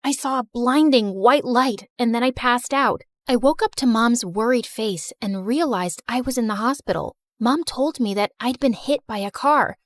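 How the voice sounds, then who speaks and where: A woman narrating an animated drama in the first person, telling it with emotional, expressive storytelling. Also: fairly high pitch, normal speed, hardly any pauses, dry recording.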